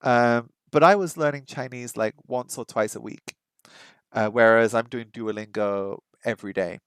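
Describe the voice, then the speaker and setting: A man's voice: mid-range voice, moderate pace, smooth, dry recording. A man from Britain casually talking through his language-learning practice, chatty and self-deprecating with plenty of ums and uhs.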